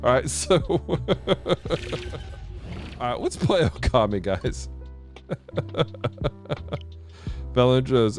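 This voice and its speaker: Male game-stream host, mid-pitched, animated delivery, chats with viewers. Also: drawn-out words, pauses often, soft background music. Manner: animated, laughs often, reads viewer comments aloud. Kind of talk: casual livestream chat.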